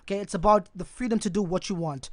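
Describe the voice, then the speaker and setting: A young man from Canada hosting a crypto livestream, telling a story in a profane, animated way and talking straight to his viewers. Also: sits high, fast talker, dry recording, studio quality. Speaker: crypto channel host.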